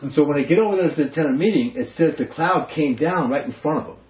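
A man's voice: fairly high pitch, fast, breathy edge, highs cut off. A man leading a casual Bible study, talking in a conversational way and acting out the quotes he reads. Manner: animated, conversational, acts out quotes. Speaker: Bible teacher.

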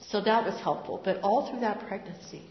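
An older woman sharing a personal faith testimony in an earnest, conversational way, with pauses and fillers. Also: medium pitch, slight background noise. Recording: roomy hall, dull lo-fi sound.

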